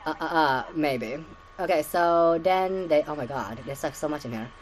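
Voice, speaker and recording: A woman's voice: low-pitched, normal speed, a little hiss or hum, low-quality recording. A woman hosting a podcast recap in casual rambling commentary, swearing freely, stacking fillers and laughing at her own asides.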